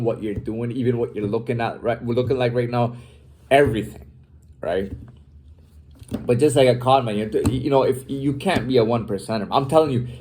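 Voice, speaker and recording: A man's voice: mid-range voice, a little mellow, slight background noise. A man talking in a rambling, boastful casual monologue, profane and repetitive, full of fillers and restarts.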